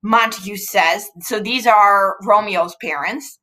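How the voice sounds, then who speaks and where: A woman's voice: fairly high pitch, unhurried, pushed and bright, low-quality recording. A woman teaching a play at home, reading lines aloud and then explaining them in a casual, chatty way.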